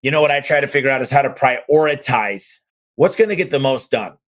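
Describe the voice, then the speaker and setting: A man with a mid-range voice hosts a business podcast, firing off advice to listener questions. He talks fast and punchy, jumping into loud, emphatic bursts and then deliberately slowing down to make a point. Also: medium pitch. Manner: punchy and emphatic, with sudden exclamations and mock-slow demonstrations; talks fast by his own account.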